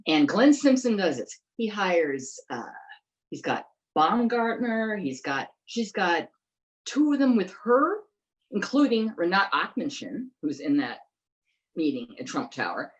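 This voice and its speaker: A middle-aged woman speaks with an emphatic, animated delivery on a political discussion show and trips over words at times. Her voice sits low for a woman and swings up and down a lot. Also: unhurried, dull audio. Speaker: interviewer, investigative journalist.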